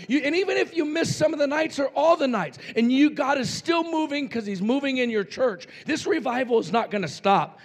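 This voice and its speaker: High-voiced fervent male preacher. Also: expressive, brisk, few pauses. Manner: fervent preaching, swinging between loud shouts and near-whispers. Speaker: pastor. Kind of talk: sermon.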